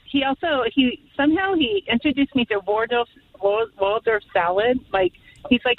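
A woman's fairly high, slightly rough voice swings widely in pitch at a moderate pace, with no room sound on the phone line. Calling a radio show, she lovingly recalls her late father, her talk emotional, meandering, and near tears.

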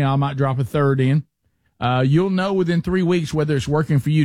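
Recorded dry and at studio quality, this talk radio host has a mid-range voice with a darkish tone. His casual banter drifts into rambling, self-deprecating stories, and he restarts himself often.

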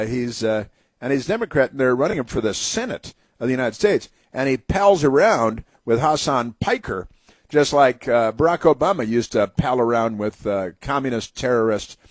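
A male talk-radio host riffs sarcastically, mocking as he rambles. He speaks into a dry studio microphone. His voice sits at an ordinary middle pitch. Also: no echo. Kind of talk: political talk radio commentary.

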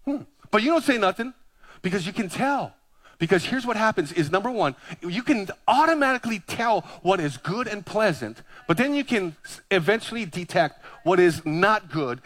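A male pastor in his fifties from Hawaii, preaching in a somewhat high voice. He tells stories with lively, self-deprecating jokes woven into the sermon and keeps the tone animated throughout. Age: 50s.

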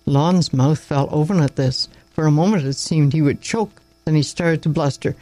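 A man narrating a story aloud in a plain, measured reading with small slips. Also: a little high, mellow, dry recording, poor audio.

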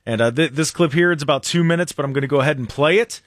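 A man's voice: a little high, racing, no echo, studio quality. A man hosting a political talk show, casually reacting to listener tweets and clips and laughing often. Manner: laughing, animated, reads listener tweets aloud.

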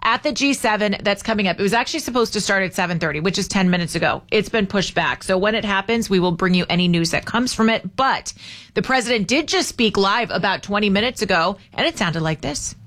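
A woman's voice: mid-range voice, fast, a bit bright. Chatty woman hosting morning talk radio. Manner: chatty, self-deprecating, laughs often. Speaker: radio talk show host.

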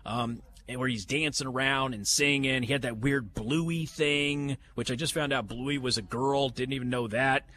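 Guy doing live talk radio, folksy and opinionated, tossing in snarky little asides, regular mid-pitched voice. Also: moderate pace, sharp tone. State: has the hiccups. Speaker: radio talk show host. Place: live remote broadcast from a banquet venue.

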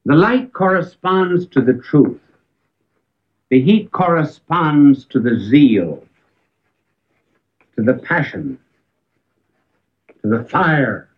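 A man's voice: on the high side, animated, takes it slowly, long pauses. Man telling stories over a tinny line. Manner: storytelling with emphatic rises and sudden drops to near silence. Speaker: speaker on public speaking. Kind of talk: anecdotal talk on public speaking. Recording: tinny phone-like band, old archive recording.

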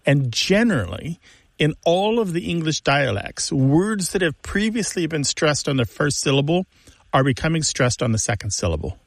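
A man with a gravelly, creaky voice co-hosts a radio call-in show. He explains things enthusiastically and at length in easy, chatty speech. The sound is close and dry, with no room around it. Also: fairly high pitch, very animated, moderate pace, no room sound. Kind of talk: casual explanatory chat.

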